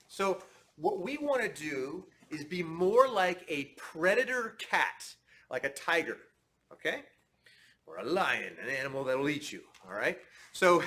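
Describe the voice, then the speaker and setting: A man with a bright, forceful voice leads a martial arts class. He talks casually and keeps asking whether everyone is following. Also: fairly high pitch. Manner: chatty, laughs often, restarts and checks in with "okay?". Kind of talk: teaching a class.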